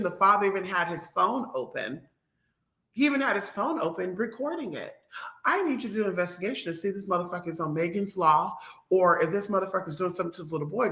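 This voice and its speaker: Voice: mid-range voice, lively intonation, quick pace, bright, forceful tone, roomy sound. A vlogger ranting to the audience in a sassy, profane, emphatic way. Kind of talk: ranting commentary to camera.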